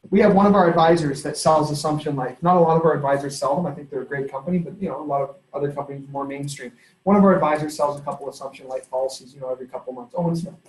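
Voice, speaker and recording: A man, a company head giving a sales training in a lively, storytelling way. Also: fairly high pitch, racing. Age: 30s. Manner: energetic, conversational, storytelling with laughs. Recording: echoey room.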